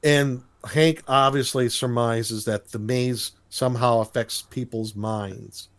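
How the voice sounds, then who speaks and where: A man's voice: medium pitch, slow, no room sound. A man co-hosting a podcast, recapping a cartoon episode in casual chat and acting out the characters' lines. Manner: animated storyteller, acts out character lines. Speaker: podcast co-host.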